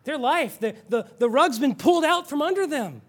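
A male pastor preaching a sermon with animated storytelling, now and then dropping suddenly to a quiet voice. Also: very high voice, normal speed.

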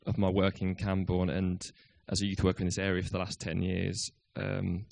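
Man, 30s, youth worker, church farewell, self-deprecating, gravelly, low. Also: completely flat delivery, normal speed, darkish tone, a little hiss or hum. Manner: hesitant and self-deprecating, many ums. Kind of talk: farewell speech.

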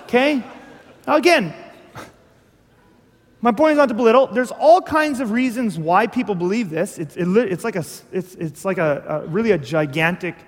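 A male pastor preaching a sermon, animated and full of rhetorical questions, acting out little dialogues. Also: high-pitched, normal speed. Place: church hall. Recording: long hall reverb.

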